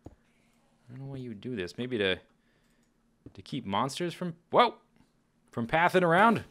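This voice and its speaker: A man's voice: medium pitch, moderate pace. A man giving chatty, casual commentary over his own gameplay, often exclaiming and chuckling as he plays. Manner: chatty, animated, exclaims and laughs at the game. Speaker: Let's Play host.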